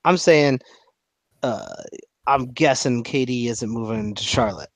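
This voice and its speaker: A man's voice: mid-range voice, measured pace, dry recording. Guy hosting a sports podcast, playfully indignant, dry mic. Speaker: podcast co-host. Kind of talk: casual sports chat.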